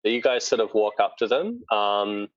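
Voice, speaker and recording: Australian male game master, lively pitch, dull dry stream mic. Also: normal speed, no room sound. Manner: casual, hesitant, lots of fillers. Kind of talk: narrating a tabletop game.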